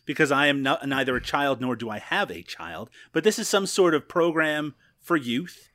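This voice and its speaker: A man's voice: on the high side, moderate pace, fairly bright tone. A man hosting a podcast in casual chat, joking and playful with his co-host and guest. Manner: jokey, playful, drops to a whisper for gags.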